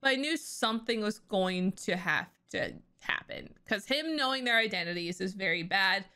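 A woman's voice: mid-range voice, expressive, normal speed, sharp tone, clean tone. A young woman reacting to a cartoon episode on her vlog, emotional and thinking aloud, laughing through her upset. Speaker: reaction vlogger.

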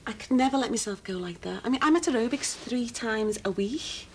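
A woman's voice: fairly high pitch, expressive, a little fast, a little hiss or hum. A bossy mother. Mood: scornful. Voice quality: scolding, blunt. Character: bossy, sharp-tongued middle-aged mother. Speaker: mother visiting her son. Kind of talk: TV soap acting.

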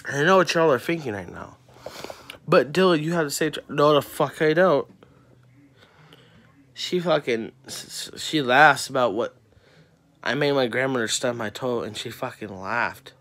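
A man's voice: medium pitch, moderate pace, pauses often, a bit bright. A teenage boy ranting about classmates in an angry, profane vlog, swearing constantly and sounding exasperated. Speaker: student venting on camera.

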